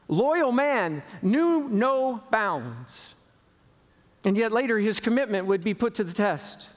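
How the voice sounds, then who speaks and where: A man preaching a sermon in a large church, telling a story dramatically and shifting between slow, stressed words and quick bursts. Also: high voice. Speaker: pastor.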